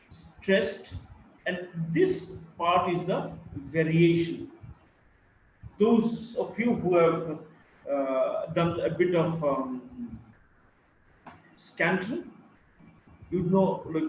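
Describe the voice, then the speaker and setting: A man teaching a live online class, who speaks deliberately and demonstrates stress patterns by repeating example sentences aloud. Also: high-pitched, recorded from a distance. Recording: very echoey room with faint noise.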